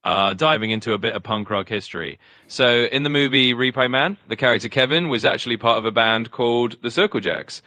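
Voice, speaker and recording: A synthetic male assistant voice with a bright, forceful tone, upbeat and eager as it explains things quickly. The sound is close and dry, with no room around it. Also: mid-range voice, no room sound. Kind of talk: conversational answers.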